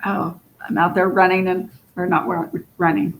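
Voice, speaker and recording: A woman's voice: on the low side, level tone, moderate pace, creaky, a little hiss or hum, low-quality recording. Sniffly, chatty woman coaching. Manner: chatty, laughs often, role-plays sample dialogue. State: sniffly, scratchy voice. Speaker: real estate coach. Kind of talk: casual instructional talk.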